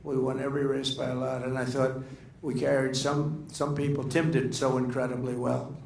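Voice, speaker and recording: A man's voice: mid-range voice, level tone, normal speed, vocal fry, darkish tone. Older guy riffing at a dinner, lots of uhs and restarts, roomy echo, faint crowd hum. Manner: rambling, digressive, with many fillers and restarts. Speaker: political speaker. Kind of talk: off-the-cuff dinner speech. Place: dinner event in a large room. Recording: echoey room with faint ambience.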